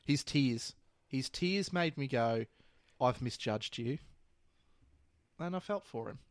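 A man's voice: medium pitch, lively intonation, unhurried, no echo. An Australian man co-hosting a podcast, chatting casually in a blunt, joking way and swearing freely. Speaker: podcast co-host. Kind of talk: casual chat.

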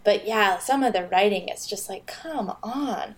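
Animated woman laughing through a critique. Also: mid-range voice, normal speed. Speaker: podcast co-host. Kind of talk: casual chat reviewing a video game.

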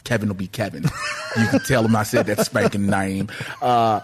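A man on a movie news panel giving emphatic, animated opinions. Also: on the low side, moderate pace, a little hiss or hum. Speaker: co-host panelist. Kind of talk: casual movie news chat.

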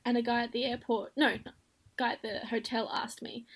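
A woman's voice: on the high side, level tone, a little fast, a bit bright. A woman with an Australian accent, co-hosting a podcast in casual chat, with dry, teasing humor. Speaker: podcast co-host.

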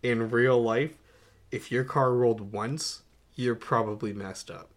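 A young man co-hosting a casual movie podcast, going through his notes with lots of "uh"s, laughing often and getting animated. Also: medium pitch, unhurried. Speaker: podcast co-host. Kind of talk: casual movie-review chat.

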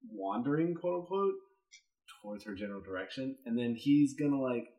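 A man's voice: mid-range voice, lively intonation, a little fast, warm tone, roomy sound. A man playing in a tabletop game, describing his character's actions in a rambling way with lots of fillers. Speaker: player. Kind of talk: casual tabletop play.

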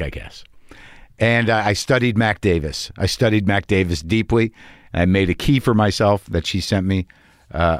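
A man's voice: mid-range voice, no room sound, studio quality. Rambling, profane man in his fifties. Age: 50s. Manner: rambling, profane, self-deprecating. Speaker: podcast host. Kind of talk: casual monologue.

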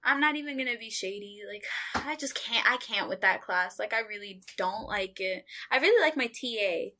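A young woman co-hosting a podcast, chatting candidly and often laughing as she vents in long, drawn-out phrases. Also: mid-range voice, lively intonation, sharp tone. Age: young adult. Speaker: podcast co-host. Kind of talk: casual chat.

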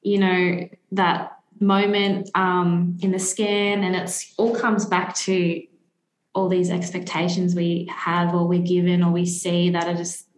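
A woman's voice: on the low side, level tone, slow pace. A woman hosting a podcast, reflecting hesitantly on her guest's story. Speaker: podcast host. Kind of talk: casual interview chat. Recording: echoey room.

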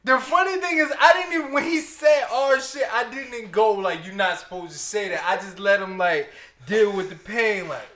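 High bright lively man in a roomy space. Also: normal speed. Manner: animated storytelling, laughs often. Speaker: podcast co-host. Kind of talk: casual chat.

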